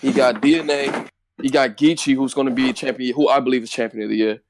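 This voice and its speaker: A man's voice: medium pitch, quick pace, background noise. A man calling into a podcast, laying out his argument point by point. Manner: steady, makes his case point by point. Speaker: guest commentator. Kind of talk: casual debate call-in.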